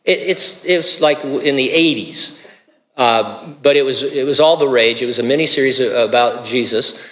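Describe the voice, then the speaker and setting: A man preaching a conversational sermon as a pastor, relaxed, with joking asides and small restarts. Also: medium pitch, normal speed, big-room sound.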